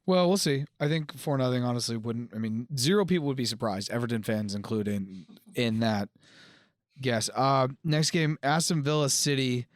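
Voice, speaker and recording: Joking male co-host who drives the chat, fast talker, dry close-miked sound. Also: mid-range voice, dry recording. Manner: quick, joking, steers the talk with questions. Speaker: podcast co-host. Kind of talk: casual sports chat. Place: home studio.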